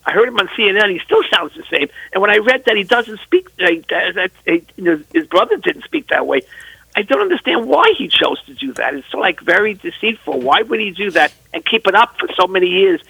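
Gravelly, husky man explaining earnestly. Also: high-pitched, big pitch swings, a little fast, pushed and bright, dry recording, low-quality recording. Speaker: guest, university teacher. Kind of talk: interview answers.

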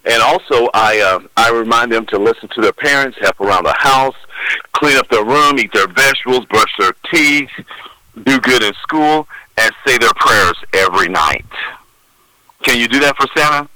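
Folksy older man, bright voice. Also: mid-range voice, moderate pace, dry recording, rough recording. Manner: folksy storyteller, acts out children's voices. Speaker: professional Santa Claus. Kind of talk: interview answers, anecdotes.

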